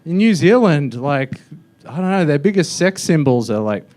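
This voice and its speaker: A man's voice: fairly high pitch, very animated, moderate pace, darkish tone, a little hiss or hum. A young man doing a mocking stand-up roast in a comedy club, with a loose, offhand delivery full of fillers. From Australia.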